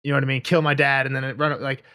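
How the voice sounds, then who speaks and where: A man's voice: medium pitch, racing, smooth. A man co-hosting a podcast, chatting casually about a book and acting out characters' lines as he goes. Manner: animated, acts out lines of characters mid-sentence. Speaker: podcast co-host.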